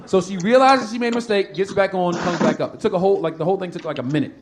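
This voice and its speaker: A man doing stand-up comedy, telling a profane story in an animated way and acting out the people in it. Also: high voice, very fast. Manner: animated, profane, acts out characters. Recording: live stage recording with noisy crowd. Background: audience laughter.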